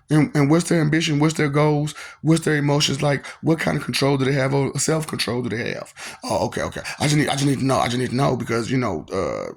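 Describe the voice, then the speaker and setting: A man's voice: mid-range voice, vocal fry, breathy edge. A man talking in a freewheeling, taunting monologue, repeating lines and laughing often.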